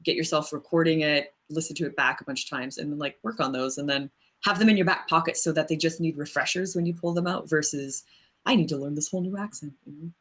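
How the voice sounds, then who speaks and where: A woman voice actor answering interview questions in a relaxed, thoughtful way, with many fillers and frequent laughs. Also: low-pitched, quick pace. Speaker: voice actress guest. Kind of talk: casual interview chat.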